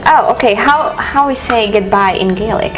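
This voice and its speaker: A woman's voice: fairly high pitch, normal speed, a bit bright, rough recording. A young woman from Brazil with a Brazilian Portuguese accent, a native Portuguese speaker, chatting to camera in a gushing, enthusiastic way. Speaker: vlogger. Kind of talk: casual chat to camera.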